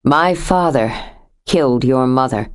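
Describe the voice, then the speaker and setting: A woman voicing a troubled grown man who speaks in a low, steady, earnest way as he confesses to his lover in an audiobook. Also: measured pace, smooth. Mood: earnest, pleading. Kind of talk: audiobook character voice.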